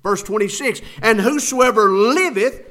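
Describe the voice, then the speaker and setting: A man's voice: high-pitched, measured pace, a bit bright. A man preaching a sermon with an emphatic, rising and falling preaching cadence.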